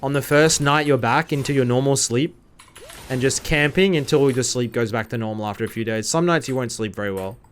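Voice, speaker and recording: A man's voice: mid-range voice, fairly quick, slight background noise. A young man, jet lagged, rambling through casual gameplay commentary as a streamer with joking, sarcastic asides.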